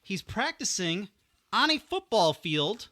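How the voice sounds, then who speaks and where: A man with a very bright, sharp voice co-hosts a casual podcast. His pitch swings widely as he talks with enthusiasm. He sits at a desk mic in a home studio. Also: slow. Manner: animated, laughs often, enthusiastic. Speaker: podcast co-host.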